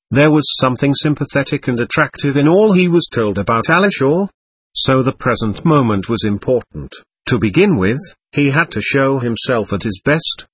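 A man narrating an audiobook in a steady storytelling voice. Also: medium pitch, husky, dry recording. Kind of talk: scripted narration.

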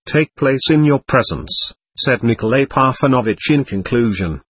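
A man reading the part of a nervous, formal male investigating lawyer in an audiobook, pitched a little higher than his narration. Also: a bit bright, breathy edge, no room sound.

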